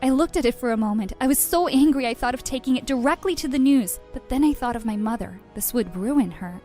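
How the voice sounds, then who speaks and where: A woman's voice: sits high, fairly quick, hardly any pauses, mellow, faint music behind. A woman narrating a first-person storytime in a dramatic, emotional way.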